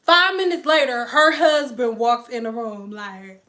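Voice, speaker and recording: A young woman hair stylist casually telling a story to her viewers in an animated, chatty, slangy way. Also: a little high, a little slow. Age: young adult.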